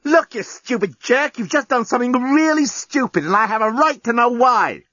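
A man voicing an impatient, curious young woman, speaking high and insistently. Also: wildly swooping pitch, moderate pace, a bit bright, breathy edge, no room sound, muffled recording, full character voice.

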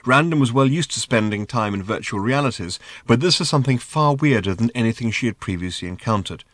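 A man narrating an audiobook in measured, lively storytelling. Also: medium pitch, dry recording. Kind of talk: scripted narration.

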